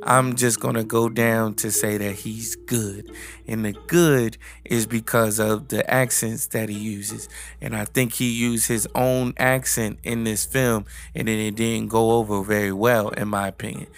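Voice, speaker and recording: A man talking through his take on a film in an even, flat voice that barely rises or falls. He keeps stopping to restart his sentences. Faint music plays behind him. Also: on the low side, a little slow. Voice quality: flat, rambling with many restarts. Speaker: film reviewer. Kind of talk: casual movie review chat.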